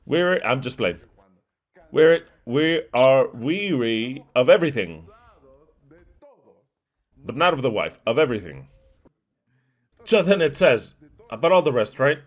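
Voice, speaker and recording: A man's voice: medium pitch, big pitch swings, a little slow, long pauses. Emphatic male preacher. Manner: emphatic, varies pace and volume, reads scripture aloud. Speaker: pastor. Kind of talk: sermon.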